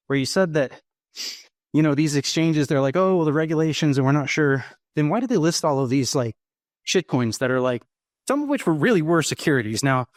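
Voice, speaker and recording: A man's voice: a little high, no room sound. Guy calling in from the gym, kinda out of breath, rambly with lots of ums, dry close sound. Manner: rambling, hedging, full of ums and you-knows. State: slightly out of breath. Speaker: discussion participant. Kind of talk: casual online group discussion.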